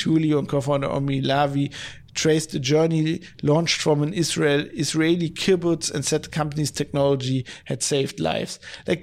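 Man, solo podcast host, fired up and cursing, voice sits a touch high. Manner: heated, profane, repeats himself when worked up. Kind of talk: solo podcast commentary rant.

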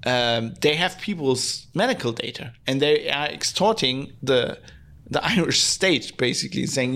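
A podcast host rants in blunt, sarcastic casual commentary, his mid-range voice animated, creaky, and fairly bright at a measured pace. He swears freely and is full of fillers, often restarting his sentences.

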